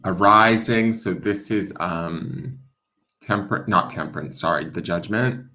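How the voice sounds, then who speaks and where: With a deep, pushed, bright voice, this channel host takes his time as he unboxes a tarot deck on a casual stream. He's a tarot reader who keeps things playful, cracking jokes along the way.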